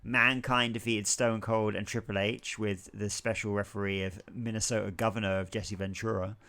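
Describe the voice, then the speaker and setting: A man's voice: on the low side, flat delivery, normal speed, pushed and bright. A man in his thirties co-hosting a podcast, chatting casually and rambling, with many fillers and the odd curse. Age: 30s. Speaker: podcast co-host. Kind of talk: casual chat.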